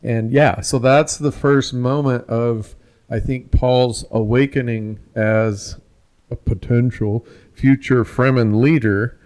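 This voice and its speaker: A man co-hosting a film podcast, talking in a slow, thoughtful and reflective way with some restarts. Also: mid-range voice, fairly even intonation, a little mellow. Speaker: podcast co-host. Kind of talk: casual film discussion.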